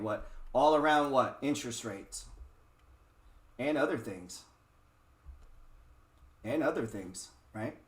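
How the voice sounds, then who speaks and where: A man talks through trading charts in a loose, profane way and keeps asking his listeners pointed questions. His voice sits at an ordinary pitch. It carries a roomy echo. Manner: blunt, profane, rhetorical questions. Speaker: trading educator. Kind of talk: casual screen-share market talk.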